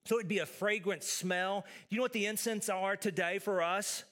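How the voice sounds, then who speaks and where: Guy pastor preaching, high bright voice, repeats lines hard then goes quiet and intense. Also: steady tone, moderate pace. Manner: preaching with emphatic repetition, dropping to soft intense tones. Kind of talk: sermon.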